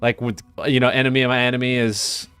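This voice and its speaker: Tabletop player man, casual, mid pitch, thinks aloud with restarts. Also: little pitch movement, fast, a bit bright, clear, resonant tone, no room sound, faint music behind. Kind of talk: casual tabletop game talk.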